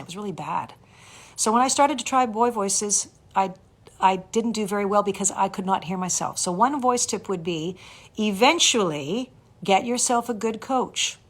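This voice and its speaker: A woman from Canada, a voice actor and coach, chatting casually with fans on a livestream and thanking viewers by name. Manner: animated, jumps up in pitch for emphasis.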